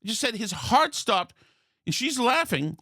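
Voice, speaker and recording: A man from Massachusetts hosting a podcast, telling a long comic story in a rambling, deadpan way with incredulous asides. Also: very high voice, measured pace, no room sound, clean studio sound. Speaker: podcast host. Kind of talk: comedic storytelling monologue.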